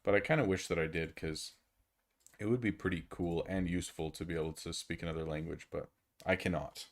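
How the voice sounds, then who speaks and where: A young man with a lowish voice chats casually with his stream audience, rambling along and often laughing at himself. He speaks into a desk microphone. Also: steady tone, brisk. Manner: laughing, rambling, self-deprecating. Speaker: game streamer. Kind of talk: casual live-stream chat.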